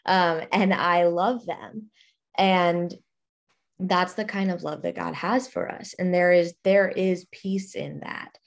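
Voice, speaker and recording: A young woman speaks slowly in a fairly low voice, reflective and unhurried, in a casual faith-based chat. She is expecting her first child and often breaks into soft laughs between thoughts, with plenty of ums along the way. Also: steady tone, vocal fry.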